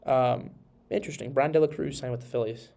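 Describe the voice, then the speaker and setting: A man's voice: mid-range voice, a little fast, creaky, a little hiss or hum. A congested, slightly nasal man hosting a podcast, chatting casually about football with many restarts. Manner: rambling, animated, many restarts. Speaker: podcast host. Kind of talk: casual sports chat.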